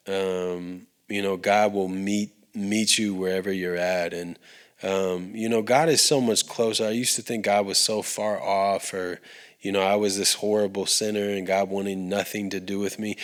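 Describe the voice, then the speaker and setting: Earnest, slightly low-voiced man sharing his faith. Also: fairly even intonation, normal speed. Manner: heartfelt, with frequent restarts and fillers. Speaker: podcast guest, recording artist. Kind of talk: earnest conversational faith testimony.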